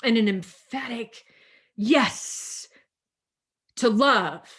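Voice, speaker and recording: A woman pastor preaching over a video call, with a slightly higher voice that takes its time. She builds her points through emphatic repetition and stretches out the key phrases so they land.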